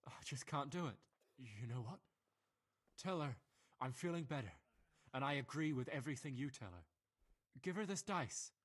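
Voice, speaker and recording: A man's voice: mid-range voice, lively intonation, moderate pace, husky. An actor voicing a bedridden, feverish man too weak to get up, speaking faintly in a video game. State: weak from illness.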